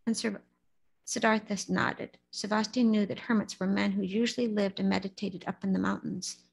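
A woman at a Buddhist service reading a story aloud in a steady, storytelling manner, sometimes stumbling on names. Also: medium pitch, a little fast, vocal fry, husky, low-quality recording. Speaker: lay speaker at a Buddhist service.

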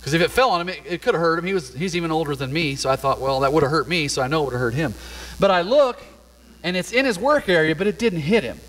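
A middle-aged man preaching with a somewhat high voice and an easygoing, chatty delivery. He tells stories like he is talking with friends. His voice carries a long reverb from the church hall around him. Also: quick pace, a bit bright. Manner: conversational storytelling, laid-back. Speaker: pastor. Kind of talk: sermon. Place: church sanctuary.

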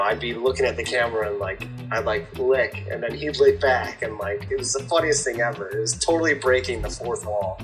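A man's voice: mid-range voice, a bit bright, poor audio. A man answering interview questions in a casual, rambling way, laughing between stories. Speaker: reality show guest.

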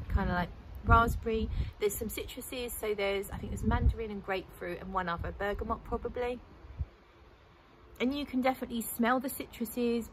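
Woman, forties, vlogger. Casual, enthusiastic, rambling delivery at an average pitch, with a faint background hum. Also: fairly bright tone, low-quality recording. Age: 40s. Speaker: fragrance vlogger. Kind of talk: casual chat.

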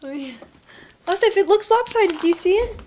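High-voiced chatty young woman vlogging at home. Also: expressive, normal speed, background noise. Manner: chatty and giggly. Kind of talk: casual home vlog chat. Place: home kitchen and living room.

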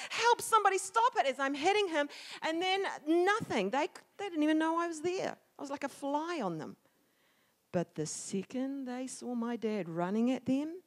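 A woman telling a personal story in a sermon, animated, acting out the shouts and quoted words of the people in it. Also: sits high. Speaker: church speaker. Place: church sanctuary. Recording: long hall reverb.

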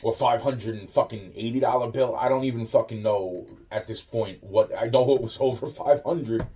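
A man's voice: mid-range voice, normal speed, warm tone. A man ranting about his troubles in a loose, profane way, full of fillers and restarts. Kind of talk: rambling personal rant. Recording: voice a bit far from the mic.

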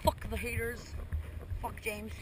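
A man's voice: high voice, little pitch movement, takes it slowly. A man filming his friends outdoors by the water, giving crude teasing commentary full of swearing. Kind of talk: casual joking commentary. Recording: distant camera audio, loud boat noise.

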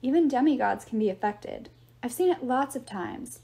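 Woman reader as a tired, patient teen girl, mellow and slightly high, storybook read. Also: lively intonation, moderate pace, gravelly. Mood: explaining. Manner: tired, subdued explaining. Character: weary, worried teen girl, calm and explaining. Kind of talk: audiobook reading.

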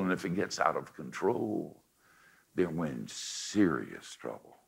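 An older man with a deep voice preaching a confessional sermon, swinging between forceful lines and hushed ones. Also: expressive, a little slow, creaky, slightly rough.

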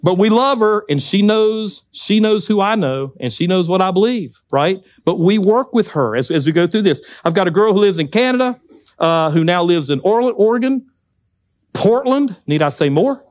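A man's voice: sits high, expressive, moderate pace, dry recording. A man with a Southern US accent giving a conversational church talk, folksy and emphatic, with joking asides. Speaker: guest speaker at church. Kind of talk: conversational sermon. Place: church hall.

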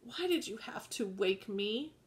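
Melancholy old farmer, sighing and grumbling, as a woman reader voices him, slow delivery. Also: medium pitch, animated, close to an everyday voice. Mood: weary. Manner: tired, grumbling. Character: weary melancholy older farmer husband. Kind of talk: audiobook reading.

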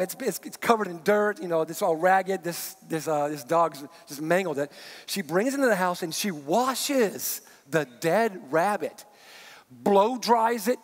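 A male pastor preaching a sermon, telling stories in an animated way and acting out the people in them. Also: high-pitched. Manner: animated storyteller, acts out the people in his stories. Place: church sanctuary. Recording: long reverb of a church hall.

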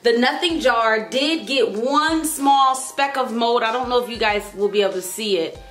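A woman's voice: a little high, normal speed, a bit bright. Chatty woman vlogging in an echoey room. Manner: chatty and dramatic, squeals and laughs. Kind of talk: casual vlog talk to camera. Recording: echoey room with background music.

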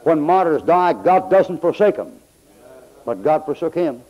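A man's voice: on the high side, sing-song, a little slow, darkish tone. An older man preaching a sermon in a folksy, storytelling way. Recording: dull lo-fi old tape.

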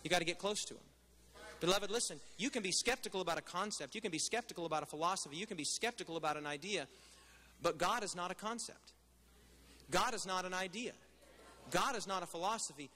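High, bright-voiced preacher man in a hall. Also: fast talker, slight background noise. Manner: conversational preaching, asks the crowd questions. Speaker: pastor. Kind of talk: sermon.

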